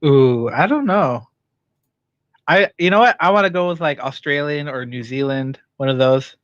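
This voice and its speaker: A man's voice: a little high, normal speed, fairly bright tone, no room sound, lo-fi sound. A man co-hosting a radio morning show, giving brief casual replies. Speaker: radio show co-host and producer.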